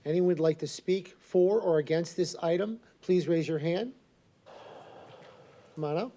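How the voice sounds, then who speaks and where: Brisk woman chairing a council meeting. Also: on the low side, warm tone, slight background noise. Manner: brisk, procedural.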